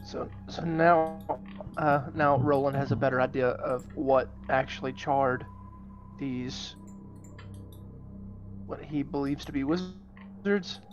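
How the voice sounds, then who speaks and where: A man's voice: mid-range voice, fairly even intonation, slow pace, pauses often, over music. Hesitant male tabletop gamer. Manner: thinking aloud, hesitant. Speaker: player. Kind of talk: casual tabletop game chat.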